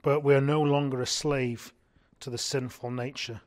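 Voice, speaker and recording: A man's voice: mid-range voice, flat delivery, moderate pace. A man preaching a sermon in an earnest way, often asking his congregation rhetorical questions.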